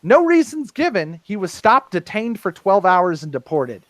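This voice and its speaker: A man with a somewhat high voice rants in a heated, profane way on a casual podcast. He rambles and restarts his sentences. The recording is dry, with no room echo. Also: very animated, moderate pace. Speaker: podcast host. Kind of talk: casual roundtable rant.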